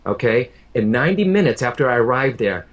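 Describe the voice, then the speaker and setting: A man's voice: mid-range voice, big pitch swings, a little fast, muffled recording. Earnest man telling a personal story. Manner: earnest, repeats words, addresses the listener directly. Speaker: medium.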